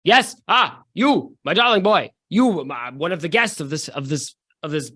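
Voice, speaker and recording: A man voicing a fussy, fawning noblewoman in a tabletop game, in a high theatrical voice. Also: animated, moderate pace, bright, forceful tone, breathy edge, heavily acted. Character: fussy noblewoman Lady Yala Gralhund.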